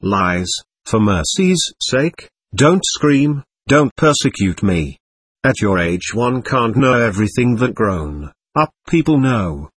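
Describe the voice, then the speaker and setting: A man reading the lines of a fussy, excitable middle-aged lady who gushes in breathless exclamations. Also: medium pitch, slow, husky, dry recording, full character voice. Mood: flustered.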